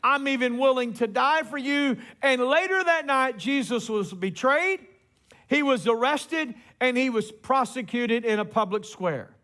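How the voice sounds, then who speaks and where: A man preaching a sermon as pastor, retelling a story with lively acted-out quotes. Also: very high voice. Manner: storytelling preacher, acts out quotes with rising emphasis.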